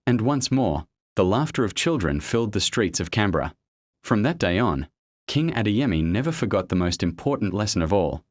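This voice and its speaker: A man narrating a folktale in a measured, expressive way. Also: on the low side, no echo. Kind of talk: scripted storytelling narration.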